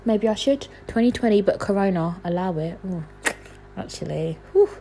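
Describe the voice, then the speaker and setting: A young woman, hosting a casual solo podcast from home at night, rambling and chatty with lots of fillers and laughs, talking quietly. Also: medium pitch, moderate pace, a little hiss or hum, low-quality recording. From London. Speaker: podcast host.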